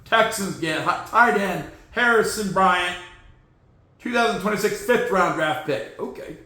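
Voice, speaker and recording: A man's voice: high voice, lively intonation, a little slow, pushed and bright, reverberant. A man hosting a football podcast, running through the news in a sarcastic, joking way. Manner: sarcastic, joking, mocks teams with silly sound effects. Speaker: podcast host. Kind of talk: casual sports news commentary.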